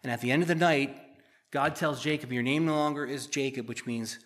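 A man's voice: mid-range voice, brisk, a bit bright. A man preaching a conversational sermon, often checking in with the congregation. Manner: conversational teaching, frequent "okay?" check-ins. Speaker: pastor.

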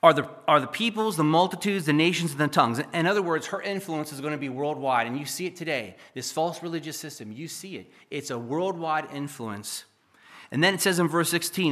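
Male preacher, fairly high, bright voice, emphatic teaching sermon. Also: animated, brisk. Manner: emphatic, reads scripture aloud then explains. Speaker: pastor. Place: church.

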